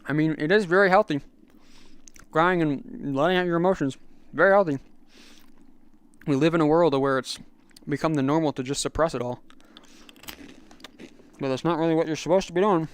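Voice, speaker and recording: A young man chats casually on a livestream, his fairly high voice moving at a normal speed with frequent pauses and a clean tone. He rambles, leans heavily on fillers, and reads chat aloud as he answers it. He's recorded on a clip-on magnetic microphone.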